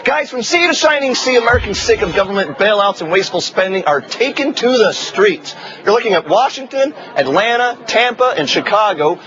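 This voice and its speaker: A man's voice: high-pitched, lively intonation, fairly quick, fairly bright tone, muffled recording, a little hiss or hum. A man hosting a cable news chat, brash, jokey and opinionated. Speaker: TV show host.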